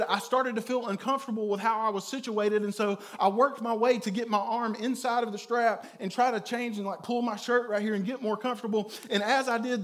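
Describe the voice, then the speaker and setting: High-voiced conversational male preacher. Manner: conversational, with frequent "right?" tags; animated storytelling with bursts of loudness. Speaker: pastor. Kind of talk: sermon.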